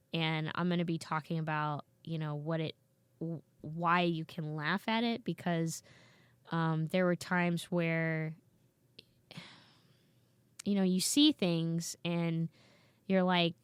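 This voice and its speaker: Woman, comedian guest, slightly low pitch, animated storytelling, dry close mic. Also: clear, resonant tone, no room sound. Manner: animated storyteller, acts out quoted voices. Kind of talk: casual podcast chat.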